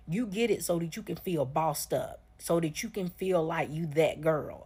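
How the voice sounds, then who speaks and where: A woman delivers blunt reaction commentary in a deep, husky voice. She lectures her viewers head-on and does not soften her points.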